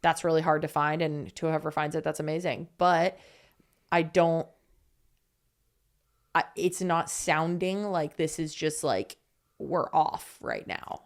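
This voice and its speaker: A woman's voice: low voice, unhurried, pauses often. A young woman co-hosting a podcast, giving frank relationship advice in a casual chat full of "like". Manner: frank, animated, lots of "like". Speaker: podcast co-host.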